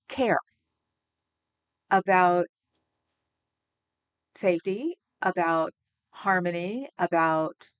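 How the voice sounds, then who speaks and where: 50s woman rambling on her home livestream, kinda low voice, laughs a lot. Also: smooth. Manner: rambling, chatty, laughs often. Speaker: livestream host. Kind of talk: casual livestream chat.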